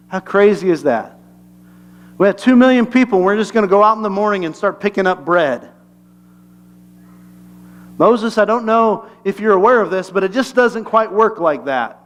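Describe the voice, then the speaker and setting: A man's voice: high voice, moderate pace. A male pastor giving a conversational, humorous sermon and asking the congregation questions.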